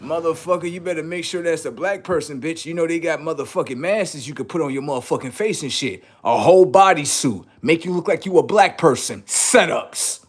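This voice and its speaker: A man's voice: fairly high pitch, brisk, few pauses. A man hosting a livestream who delivers a rambling, preachy and profane unscripted monologue. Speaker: livestream host.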